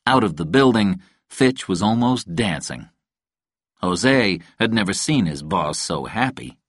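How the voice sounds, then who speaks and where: A man reading a novel aloud in a calm, even storytelling manner. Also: sits low, a little slow, no room sound, studio quality. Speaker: audiobook narrator. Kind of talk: scripted narration.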